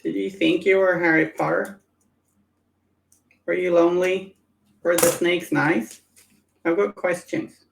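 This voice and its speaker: A woman's voice: lowish voice, steady tone, a little slow, gravelly, pauses often, slight background noise, low-quality recording. A woman hosting a miniature-painting livestream, chatting casually and muttering jokes to herself as she works at her hobby desk at home. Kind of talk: casual chat while working.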